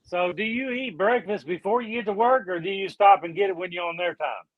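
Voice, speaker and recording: A man's voice: sits high, fairly quick, no echo, phone-quality sound. Male co-host, blunt and profane, dry close recording. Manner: questioning, opinionated, profane. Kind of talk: casual profane banter.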